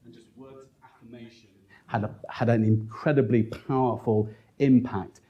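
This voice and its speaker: A man lecturing and answering questions, telling lively stories, acting out quoted voices and laughing as he talks. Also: medium pitch, moderate pace, slightly rough, dull audio. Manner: animated storytelling, acts out quotes, laughing asides.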